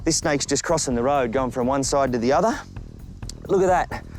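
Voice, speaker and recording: A middle-aged Australian man presenting wildlife on location outdoors, chatty and lively, often talking straight to the animal. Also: medium pitch, moderate pace, faint music behind. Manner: lively, chatty, talks directly to the snake. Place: outdoors in the bush and by a road.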